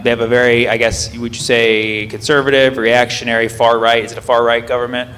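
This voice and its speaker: A man's voice: medium pitch, flat delivery, a little fast, a bit bright. A man doing live stand-up crowd work on stage, quizzing the audience and correcting himself mid-sentence. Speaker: stand-up comedian. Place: comedy club stage. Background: audience laughter and room murmur.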